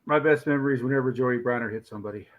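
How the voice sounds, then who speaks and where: A man's voice: medium pitch, rapid-fire, rough recording. A man co-hosting a casual sports podcast, correcting his friends and laughing often. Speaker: podcast co-host.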